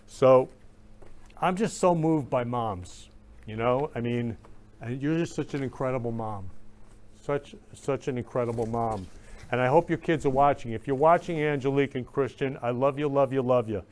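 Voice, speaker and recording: A man hosting a live-stream talk show, overflowing with affection. He gushes and gets emotional, repeating loving greetings again and again. His voice sits at an ordinary middle pitch. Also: normal speed, darkish tone. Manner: effusive, repeats "love you" over and over; emotional, gushing. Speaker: host.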